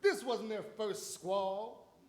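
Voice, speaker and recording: A man's voice: sits high, takes it slowly, darkish tone. A man ministering in church, preaching a sermon with dramatic build-ups and acted-out voices. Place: church sanctuary.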